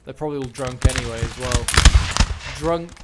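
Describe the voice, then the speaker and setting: Speaking a little fast at medium pitch, this gaming commentator muses his way through a video game fight, full of filler words and corrections of himself. Heavy background noise comes from the game's gunshots and combat audio, which sit loudly beneath him.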